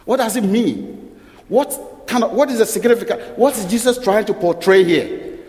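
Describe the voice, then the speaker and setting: A man's voice: high-pitched, normal speed, darkish tone. A man preaching a sermon, firing rhetorical questions, repeating phrases and correcting himself as he goes. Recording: long reverb of a large hall.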